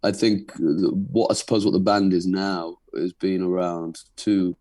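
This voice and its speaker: A man's voice: low voice, steady tone, a little slow, darkish tone, no echo. A young man from Carlisle with a Cumbrian accent, talking earnestly as a guest in a casual interview, with frequent restarts. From Carlisle, England. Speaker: band frontman, guest.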